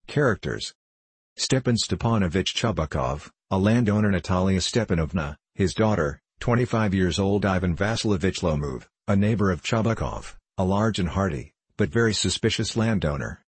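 Deep, husky male audiobook narrator. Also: lively intonation, moderate pace, no room sound. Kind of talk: reading stage directions of a play.

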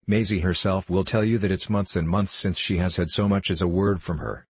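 A proud young governess with a cutting, scornful tongue, read by a man in a deep, husky, dry voice. The lines come across as clipped and disdainful. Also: fairly even intonation, fairly quick, no room sound. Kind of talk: audiobook reading.

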